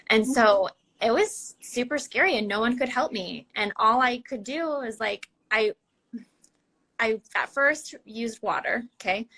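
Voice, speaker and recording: A woman's voice: fairly high pitch, rough recording. A young adult woman telling her story as an interview guest in casual chat, full of "like" fillers, acting out what others said. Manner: chatty, many "like" fillers, quotes others in lively voices.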